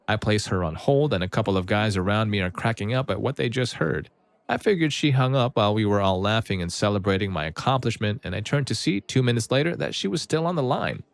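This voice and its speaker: A man reading out reader-submitted stories in a steady, matter-of-fact scripted narration. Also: lowish voice, fast talker, dry recording. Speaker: story channel narrator.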